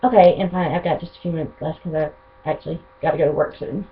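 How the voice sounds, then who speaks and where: A young woman, talking casually and eagerly to her vlog audience. Her voice sits fairly low, and her talk rambles. The audio is thin and tinny, like a phone line. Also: fairly even intonation, very fast. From North Carolina, USA. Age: 20s. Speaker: vlogger. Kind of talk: casual chat to camera.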